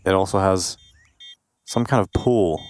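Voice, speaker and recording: A man's voice: deep voice, unhurried, slight background noise. A man co-casting a competitive game live, teasing his partner with dry humor between play calls. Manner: dry, teasing co-caster banter. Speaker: esports caster. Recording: broadcast with loud game sounds behind.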